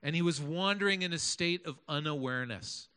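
A man preaching a sermon, animated and asking his congregation questions as he goes. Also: fairly high pitch, a little fast, clean tone. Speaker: pastor.

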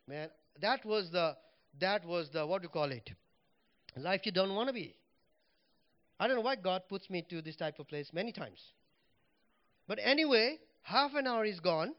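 Male preacher, high voice, animated testimony style, dull muffled audio. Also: normal speed, pauses often. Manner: animated storytelling, voice swinging up and down as he relives moments. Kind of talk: personal testimony in church.

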